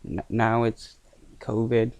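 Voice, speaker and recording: A man reacting to a news clip in casual commentary, scoffing and talking haltingly with many fillers and restarts. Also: on the low side, flat delivery, a little mellow, no echo.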